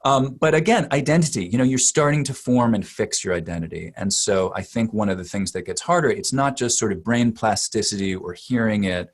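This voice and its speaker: Thoughtful man, lowish voice. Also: a little fast, few pauses. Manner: thoughtful, with many fillers and restarts. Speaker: dialect coach. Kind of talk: conversational interview answer.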